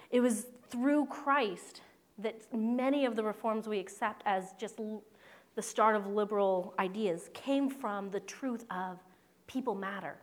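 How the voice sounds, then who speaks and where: Earnest woman preaching a sermon. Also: fairly high pitch. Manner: earnest, conversational preaching with playful asides. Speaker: pastor.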